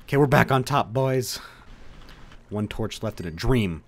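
A young man commentating his survival game, swearing often, talking to the monsters and bursting into loud outbursts. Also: on the low side, brisk, slight background noise. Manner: swears a lot, animated outbursts, talks to game mobs. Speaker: gaming video creator. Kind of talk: let's play commentary.

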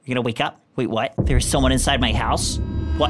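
A woman giving excitable let's-play commentary, talking to herself and the game, swinging between mock bravado and panic. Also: rumbling low, fairly quick, music in the background. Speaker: gaming commentator.

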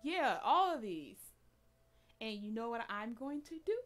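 Woman game streamer, high expressive voice, playful running commentary. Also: unhurried, faint music behind. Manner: animated, talks back to the game and chat, laughs often. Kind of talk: casual live gameplay commentary.

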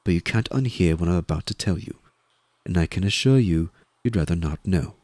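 A man voicing a poised, grim female Inquisitor in an audiobook reading, speaking crisply and with authority. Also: low-pitched, expressive, fairly quick, a little mellow, no echo. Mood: commanding. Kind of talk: audiobook character voice.

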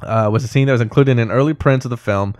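A man's voice: medium pitch, fast talker, a little mellow, dry recording, studio quality. A man co-hosting a podcast, chatting casually and reading out film trivia notes with frequent laughs. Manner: laughs often, reads trivia notes aloud. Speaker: podcast co-host. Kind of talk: casual chat.

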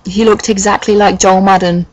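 A woman doing a comic dramatic reading of a fan fiction, breaking off for sarcastic, deadpan asides with swearing. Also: mid-range voice, normal speed, highs cut off, a little hiss or hum. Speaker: reader and commentator of a fan fiction.

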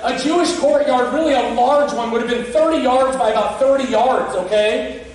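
High-voiced pastor in an echoey church. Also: male voice, moderate pace. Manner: conversational, checks in with the congregation. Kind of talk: Easter sermon. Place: church sanctuary. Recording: very echoey church from a distant mic.

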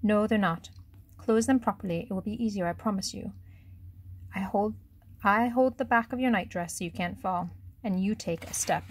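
A woman's voice: medium pitch, normal speed, a little hiss or hum, lightly acted. A woman reader voicing a blunt, cocky French boy who talks in curt, matter-of-fact lines. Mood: instructing.

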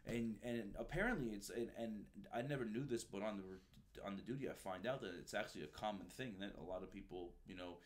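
A man telling stories from his time as a recruiter in a relaxed, animated way, peppered with slang and swearing. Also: lowish voice, a little fast. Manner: animated, swears freely, says "dude" and "bro" often. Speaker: guest, former Marine recruiter. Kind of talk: casual storytelling.

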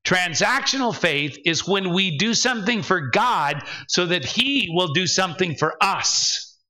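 A man's voice: high voice, bright, forceful tone, low-quality recording. A man preaching a sermon as pastor in a church, emphatic and acting out the voices of the believers he describes. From United States. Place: church sanctuary.

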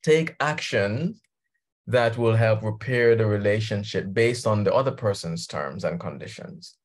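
A man's voice: fairly low pitch, measured pace. A man coaching leaders, talking conversationally over a video call and laughing easily. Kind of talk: guest talk on a video call.

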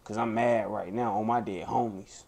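A man's voice: on the low side, fairly even intonation, normal speed, gravelly, darkish tone. A man acting out an angry young man who storms off for bear spray, groaning and sighing theatrically. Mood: mock fuming. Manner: fuming, theatrical sighs and groans.

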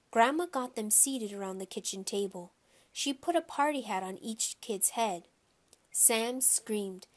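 A woman narrating a children's audiobook in a lively, expressive reading style. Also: medium pitch, measured pace.

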